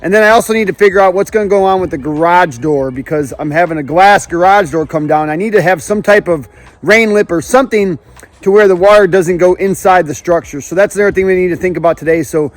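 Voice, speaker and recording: A high-pitched man talks quickly, with no echo, as he hosts a construction vlog outdoors on a cold building site. The builder and channel host is chatty and upbeat, breathing heavily from the cold and the climbing while he explains each step as he works. It's casual narration recorded on an action camera.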